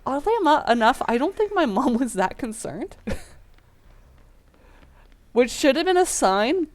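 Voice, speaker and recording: Woman gaming host, higher-pitched, rambling casual storyteller full of "like" and "um". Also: sing-song, a little slow. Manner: chatty and rambling, fillers like "like" and "um".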